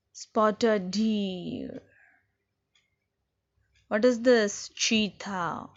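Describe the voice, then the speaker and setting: Slow-speaking woman teacher, lo-fi sound. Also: mid-range voice. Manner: slow, explains to children, asks questions and answers them. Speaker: schoolteacher. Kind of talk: recorded online class lesson. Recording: dull lo-fi recording.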